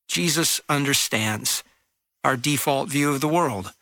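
A man reading a Bible parable aloud and teaching on it in an expressive storytelling way. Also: mid-range voice, unhurried, dry recording.

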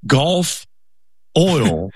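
Playful man with a lively voice. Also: a little high, drawn-out words, breathy edge, no echo, studio quality. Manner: playful, teasing, laughs often. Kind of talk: casual chat.

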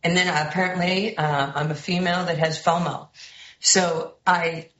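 Low-voiced woman with a New York accent, telling stories. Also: moderate pace, reverberant, muffled recording. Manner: lively storyteller who acts out quoted voices. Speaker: basketball head coach, guest. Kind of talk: animated storytelling interview.

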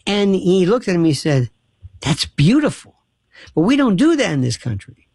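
A man hosting a talk radio show, telling stories in an animated way and acting out the dialogue of the people he quotes. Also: high-pitched, moderate pace, creaky, breathy edge, dry recording, clean studio sound.

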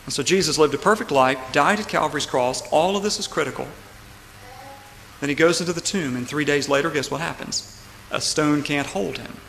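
A man with a notably high voice preaches a sermon, driving his points with emphasis and frequent "right?" asides. His voice rings through a long, reverberant hall. A faint hush of room noise sits underneath. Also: a little fast, gravelly. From United States. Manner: emphatic, rising to loud climaxes, asks "right?" often. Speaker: pastor.

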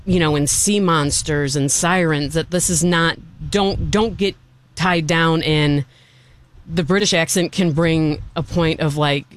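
Enthusiastic rambling man, slightly high voice. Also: measured pace, fairly bright tone, clean tone, no room sound. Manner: enthusiastic, rambling, with many restarts. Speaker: film reviewer. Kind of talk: casual chat.

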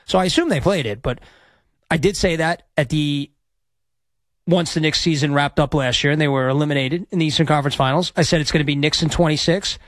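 A man's voice: on the high side, a little fast, no echo, studio quality. A man hosting sports talk radio, brash and rambling as he plugs an event and takes calls. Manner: brash, rambling, self-promoting. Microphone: studio microphone.

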